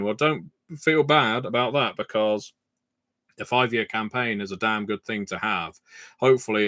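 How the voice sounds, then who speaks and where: A man's voice: on the low side, bright, forceful tone, no echo. A man hosting a casual livestream Q&A, reading viewer comments and telling anecdotes with lots of fillers. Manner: chatty, anecdotal, frequent filler "uh". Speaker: game designer hosting a livestream Q&A.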